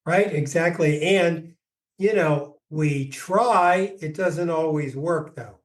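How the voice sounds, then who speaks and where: A man, a grief expert, answering podcast questions with slow, reflective stories. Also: on the high side, distant mic. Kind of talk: podcast interview, storytelling answers.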